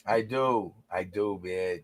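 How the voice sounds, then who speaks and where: A man's voice: on the low side, slow, dry recording. A man hosting a casual interview, joking around, laughing often and talking loosely with lots of fillers. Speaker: interview host. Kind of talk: casual chat.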